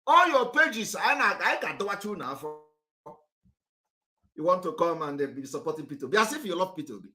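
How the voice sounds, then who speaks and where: Nigerian male activist, impassioned address, very animated delivery. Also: on the high side, fast, long pauses. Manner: fiery, repetitive, rises to shouting. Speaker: political activist.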